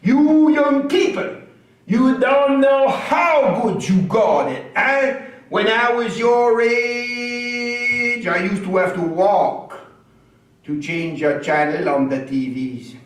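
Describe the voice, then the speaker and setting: A man's voice: high voice, takes it slowly, heavy reverb, recorded from a distance, pitched above the performer's own voice, rough recording. Lucien, a man doing a fretful old Acadian. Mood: excitable. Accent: Acadian French. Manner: Frenglish rambling, excitable exclamations. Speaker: comedian. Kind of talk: comic monologue.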